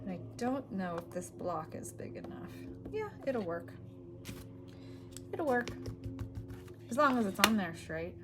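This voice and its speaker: Slow, musing crafting woman. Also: medium pitch, sing-song, music in the background. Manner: talks to herself while working, trailing off and muttering. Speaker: craft video host. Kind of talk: casual crafting commentary.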